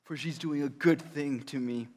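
A man's voice: a little high, moderate pace, darkish tone, lightly acted. A male preacher voicing a commanding male teacher who firmly silences a crowd. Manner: firm, authoritative.

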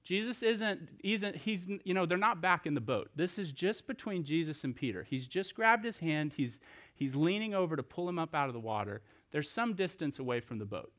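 A man's voice: on the high side, lively intonation, moderate pace, a bit bright. Conversational male pastor preaching a sermon. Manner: conversational, storytelling with restarts and rhetorical questions.

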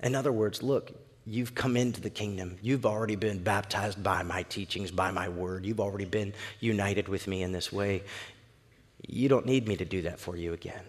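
A man preaching who voices a calm, gentle male teacher, dropping low and quiet and speaking slowly. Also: close to an everyday voice. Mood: gentle firm. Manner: soft, slow and low.

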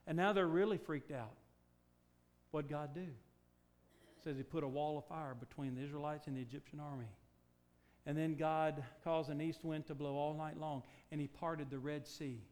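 A male preacher with a high voice delivers a sermon, firing rhetorical questions at his listeners. He punches key words loudly, then drops low and quiet to press a point home. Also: fairly even intonation, moderate pace. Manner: emphatic, rhetorical questions, big swings in loudness.

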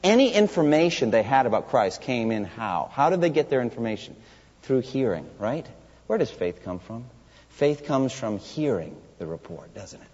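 A man's voice: medium pitch, very animated, normal speed, a little mellow. A man preaching an expository sermon in a church sanctuary, emphatic and putting rhetorical questions to the congregation. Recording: long hall reverb, dull lo-fi sound.

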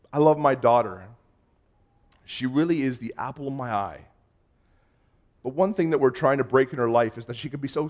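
At a medium pitch, a man gives a sermon as pastor, acting out the voices he quotes. His delivery alternates between loud emphasis and quiet, hushed stretches.

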